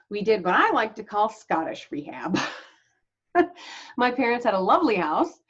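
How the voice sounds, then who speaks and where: A woman's voice: mid-range voice, dull audio. A woman hosting her own channel, telling her life story to the camera in a candid, chatty way and laughing between lines. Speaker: channel host.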